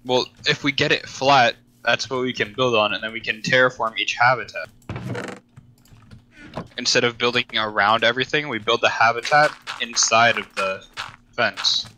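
A man chats casually while gaming with a friend, his bright, edgy voice delivering dry, deadpan remarks. Keyboard clicks tap faintly in the background. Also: mid-range voice, moderate pace, slight background noise, rough recording. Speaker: co-player. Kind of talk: casual gameplay chat.

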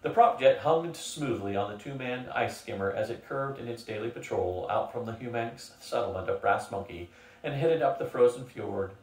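An older man reading a novel aloud as a steady storyteller. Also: medium pitch, normal speed. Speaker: reader. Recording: roomy, from a distance.

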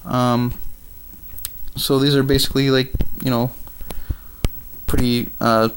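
A man with a Minnesota accent giving a casual game review with commentary, halting often with ums and uhs. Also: medium pitch, flat delivery, slight background noise.

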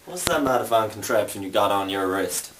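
A man with a fairly low, bright voice plays an old-timey bartender in an amateur comedy sketch, faking an American Southern drawl and courteously addressing folks as "sir" and "son." He talks briskly with lively intonation. The audio is roomy and faintly noisy, captured by a far-off camera mic.

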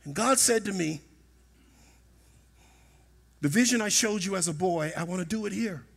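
A middle-aged man preaching a sermon in a church, telling a personal story and rising to shouts at its peaks. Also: high-pitched, normal speed, vocal fry. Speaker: pastor. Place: church sanctuary.

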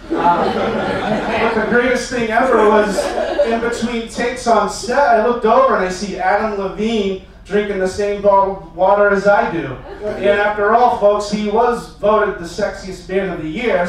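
A young male comedian from Massachusetts works a stand-up set in a high, light voice, chatty and peppered with "uh"s. He is caught from some distance in a very echoey little venue with a faint hiss behind him. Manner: conversational storytelling with filler "uh"s, building to loud acted-out rants. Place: small stage venue. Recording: echoey room, mic heard from afar.

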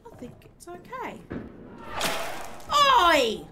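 A woman's voice: very high-pitched, wildly swooping pitch, very slow, heavy background noise. A woman streaming a horror game, jumpy and swearing, chatting to the game's characters. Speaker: gaming streamer. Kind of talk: live horror game commentary.

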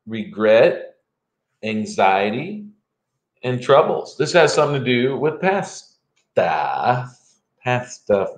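Middle-aged man, tarot reader, unhurried delivery, joking asides, roomy echo. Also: on the low side, dull audio. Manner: playful, jokes and laughs between readings. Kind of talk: live tarot reading for viewers.

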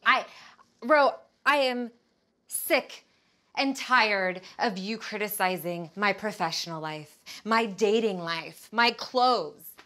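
An actress playing a defensive, sharp-tongued young woman in a scripted series, snappy and exasperated. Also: mid-range voice, expressive, normal speed. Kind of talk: scripted web-series acting.

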